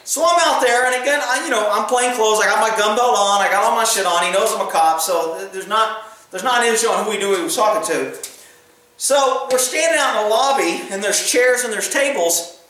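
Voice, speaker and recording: A middle-aged man, a retired police officer casually telling a profane, animated story full of quoted dialogue. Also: high-pitched, brisk, recorded from a distance, a little hiss or hum. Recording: echoey room, voice a bit off-mic.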